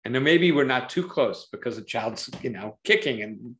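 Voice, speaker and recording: A man, a psychologist, explaining parenting ideas in a conversational interview, animated and thoughtful, often acting out voices in quotes. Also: medium pitch, moderate pace. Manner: thoughtful, uses metaphors to explain. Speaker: psychologist and author, interview guest.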